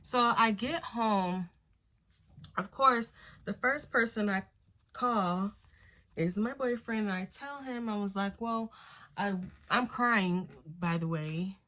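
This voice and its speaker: A woman's voice: mid-range voice, takes it slowly, bright, forceful tone. A young woman vlogger chatting through a story while doing her makeup, full of fillers and acted-out quotes. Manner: chatty, filler-heavy, acts out quoted voices. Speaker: beauty vlogger.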